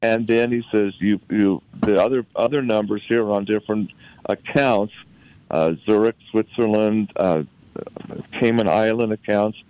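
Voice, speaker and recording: Low-voiced man telling a story. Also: fairly even intonation, darkish tone, smooth, no echo, muffled recording. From Utah. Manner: halting, repeats words while recalling events. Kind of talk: anecdotal storytelling in conversation.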